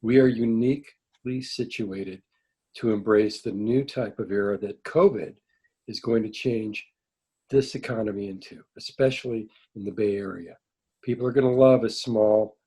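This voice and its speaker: A man with a low, dark and mellow voice that runs husky, speaking over a video call. He answers as a council candidate with a tickle in his throat and wanders a little as he thinks aloud.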